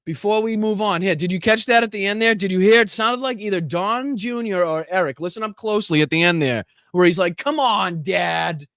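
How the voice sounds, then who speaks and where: Profane, incredulous high-voiced male host. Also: a bit bright, no echo, clean studio sound. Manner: profane, incredulous, laughs often. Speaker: political commentary host. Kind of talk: live-stream reaction commentary.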